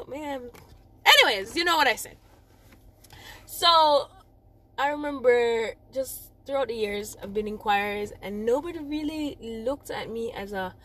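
A young Jamaican woman with a Jamaican accent, talking casually about her own past. Her voice sits a little high, and she rambles, doubles back to correct herself and laughs at her own slips. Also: sing-song, moderate pace, fairly bright tone. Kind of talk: casual personal storytelling.

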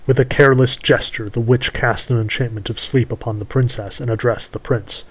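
A man's voice: mid-range voice, fairly even intonation, fairly quick, husky, poor audio. Man narrating a fairy tale. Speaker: storyteller. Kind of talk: storybook narration.

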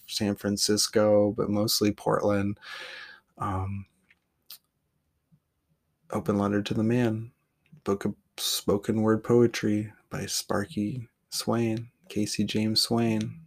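Male poet-host, lowish voice, loose reflective monologue, blunt and profane. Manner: candid, rambling, swears casually.

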